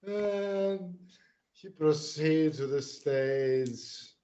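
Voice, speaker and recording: A man's voice: on the high side, drawn-out words, mellow, muffled recording. A man playing a tabletop role-playing game, describing his character's actions. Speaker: player.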